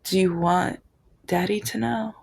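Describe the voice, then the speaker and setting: A woman voicing her caring adult sister, who speaks softly and reassuringly. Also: medium pitch, fairly even intonation, a little slow, gravelly, husky. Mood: worried. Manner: soft, gentle, reassuring.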